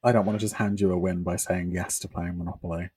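A young British man co-hosting a podcast in casual chat, campy and animated, with sassy quips. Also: sits low, quick pace, slightly rough, dry recording, studio quality. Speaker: podcast co-host.

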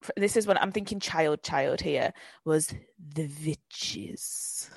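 A woman's voice: sits low, slow, vocal fry, breathy edge, dry recording. A young woman chatting casually with a co-host, telling childhood stories with swearing and acted-out quotes. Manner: lively, swearing, acts out quotes. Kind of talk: casual chat.

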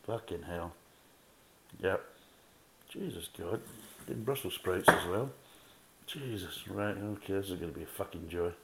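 A man's voice: lowish voice, a little mellow, roomy sound, a little hiss or hum. A Scottish man giving a casual beer review, ranting bluntly and swearing a lot. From Scotland.

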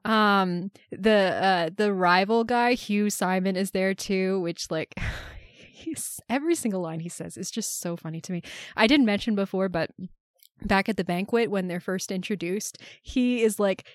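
Woman cohost gushing about a movie, laughs a lot, dry mic, mid pitch. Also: measured pace, no room sound. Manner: laughs often, animated retelling of scenes. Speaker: podcast co-host. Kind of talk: casual film discussion.

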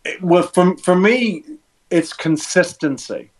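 A man's voice: high voice, animated, takes it slowly. A middle-aged man, a body language expert, answering interview questions in an instructive way, walking the listener through hand gestures step by step and repeating words as he restarts sentences.

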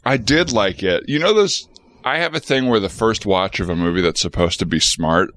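Low-voiced man rambling as a podcast guest. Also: animated, normal speed, a bit bright, dry recording. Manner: rambling, laughing, self-questioning. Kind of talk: casual comedy chat.

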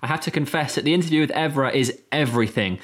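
A man's voice: mid-range voice, fast. A man co-hosting a football podcast, adding dry facts and reading listener emails aloud. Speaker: podcast co-host.

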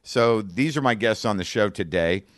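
A man's voice: fairly low pitch, moderate pace. A man hosting a podcast, wry and self-deprecating, talking in loose, rambling bursts. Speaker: podcast host. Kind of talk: candid podcast talk.

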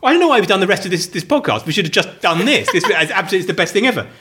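A man co-hosting a podcast in casual chat, animated and jokey, reading items off a list. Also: high voice, very fast. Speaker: podcast co-host.

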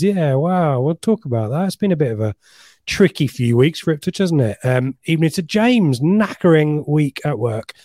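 A man's voice: medium pitch, darkish tone, no room sound, clean studio sound. A man co-hosting a live podcast, chatting casually and reading out listener messages. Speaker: podcast co-host.

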